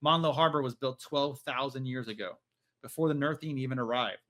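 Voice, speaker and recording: A man's voice: mid-range voice, a little fast, fairly bright tone. A man hosting a podcast, casually recapping a novel in a rambling way, with lots of fillers and some swearing. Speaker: podcast host.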